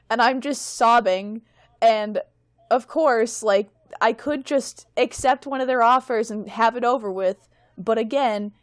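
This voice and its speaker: A woman's voice: fairly high pitch, dry recording, clean studio sound. A young adult woman telling a personal story on a casual podcast, rambling and mocking herself. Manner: rambling and self-mocking, quick laughs. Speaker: guest.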